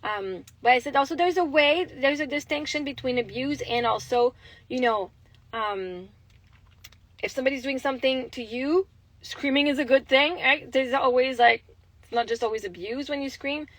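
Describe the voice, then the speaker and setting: On a phone livestream, a young Québécoise mother rambles candidly and swears without restraint. Her high-pitched, fairly bright voice moves at a moderate pace, with no echo but poor audio quality.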